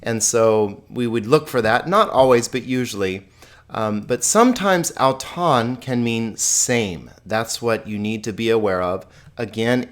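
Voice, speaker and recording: Upbeat man teaching a lesson. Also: mid-range voice. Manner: upbeat, chatty, laughs often, stresses key words. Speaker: Greek teacher. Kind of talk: recorded video lesson.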